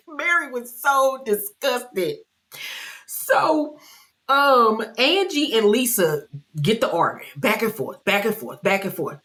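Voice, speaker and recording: A woman giving a casual recap of a reality TV episode, loud and brash with slang and swearing, often laughing and jumping high in pitch for mock outrage. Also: takes it slowly. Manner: animated, loud, with frequent laughter.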